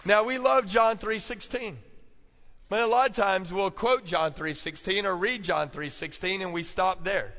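With a high, unhurried, pushed and bright voice, a male pastor preaches call-and-response style. He calls to the congregation and repeats key points for them to write down, and the church hall adds long reverb.

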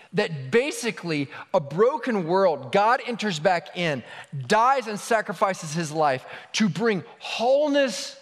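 A man's voice: high-pitched, a bit bright. A man preaching a sermon as pastor, talking in a candid, conversational way with touches of humor. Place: church sanctuary. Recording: long reverb of a large hall.

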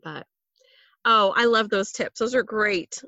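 A woman hosting a podcast in casual, upbeat chat, her voice croaky as she gets over a cold. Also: mid-range voice, a little slow, bright, forceful tone, no room sound, muffled recording. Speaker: podcast host.

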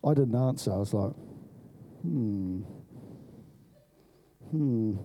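A man's voice: on the low side, drawn-out words, a little hiss or hum. A man telling a story in a sermon, acting out the voices of the people in it. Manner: animated storyteller who acts out voices. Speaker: preacher.

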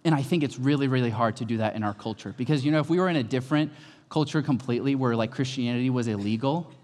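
A male pastor in his thirties preaching a sermon, with lively storytelling that swings from calm to loud. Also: mid-range voice, fast. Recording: long hall reverb.

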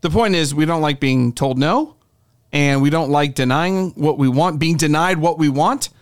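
A man's voice: a little high, normal speed, dry recording. A man hosting a podcast in a studio, chatting casually and playfully, telling stories with little acted quotes. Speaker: podcast host. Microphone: studio microphone.

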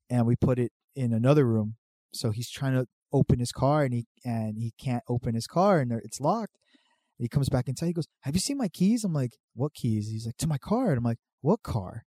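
A man tells a prank story in relaxed chat, switching voices as he plays each person in it. His pitch jumps around, and the close microphone leaves almost no room sound. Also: moderate pace, no room sound. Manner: animated storyteller acting out both sides of a prank. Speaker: podcast guest telling stories. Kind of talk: casual chat.

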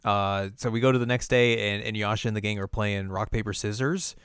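A young man co-hosting a podcast, chatting casually and retelling scenes with quick acted quotes. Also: on the low side, fairly even intonation, fairly bright tone, clear, resonant tone, no echo, studio quality. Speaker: podcast co-host. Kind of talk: casual recap chat.

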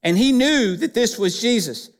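A man's voice: very high-pitched, lively intonation, moderate pace, in a large hall. A man preaching a sermon as pastor, speaking emphatically and putting questions straight to the congregation. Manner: emphatic, addresses the church directly with questions. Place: church sanctuary.

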